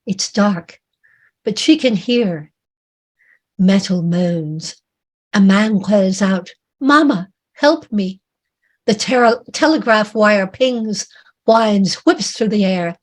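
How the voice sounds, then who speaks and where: A woman author reads her own fiction aloud at an unhurried pace. Her delivery is measured and dramatic. She lets each phrase land before moving on. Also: medium pitch, darkish tone. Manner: slow, measured dramatic reading.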